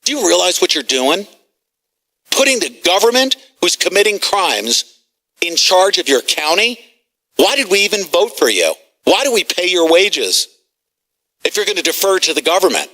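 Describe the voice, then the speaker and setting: A man hosting a talk radio show, ranting agitatedly, shouting and swearing at callers and officials. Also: sits high, very animated, moderate pace. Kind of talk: heated talk radio rant.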